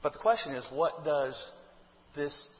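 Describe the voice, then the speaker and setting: A man's voice: a little high, expressive, measured pace. A man, a pastor, preaching a sermon in a conversational way, full of rhetorical questions to the congregation. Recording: dull audio with long hall reverb.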